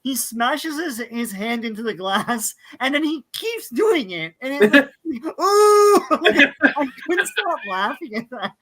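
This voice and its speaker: A man's voice: extremely high pitch, very animated, a little slow, hardly any pauses, bright, forceful tone. A man on a movie review panel, chatting casually and retelling scenes with lots of laughter and quoted lines. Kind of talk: casual chat.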